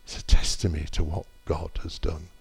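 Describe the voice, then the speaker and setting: A man's voice: extremely low pitch, flat delivery, a little fast, creaky, darkish tone, slightly rough. An older man giving a rambling church testimony, full of anecdotes and self-corrections.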